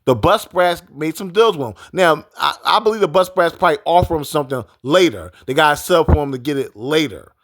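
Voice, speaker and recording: Male sports commentator, fairly high voice, repetitive and emphatic rant, dry close sound. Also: lively intonation, fairly quick, few pauses, fairly bright tone, no echo. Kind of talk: casual sports opinion rant.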